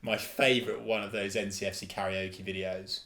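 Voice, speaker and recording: Give me an excitable man co-hosting a football podcast chat. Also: lowish voice, moderate pace. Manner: enthusiastic, emphatic, repeats himself. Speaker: podcast co-host.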